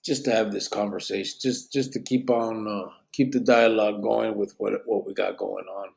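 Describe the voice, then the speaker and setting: A tired man hosts a live stream and talks loosely, dropping bits of Spanish slang as he reads the chat. His voice sits low and gravelly, with a rough fry. The talk is rambling and unhurried. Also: fairly even intonation. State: tired, yawning. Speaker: podcast host reading live chat.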